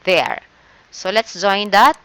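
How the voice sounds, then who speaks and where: Slow, clear-voiced Filipino woman teacher. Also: medium pitch, fairly bright tone, dry recording. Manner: patient, explains step by step, frequent "okay". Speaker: shorthand teacher. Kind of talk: online lesson.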